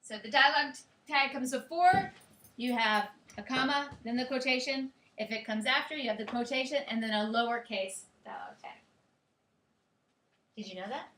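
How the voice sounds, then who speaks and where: Woman teacher lecturing a class; high, bright voice in a roomy, echoing classroom. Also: moderate pace. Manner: explanatory, checks in with students. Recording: echoey classroom.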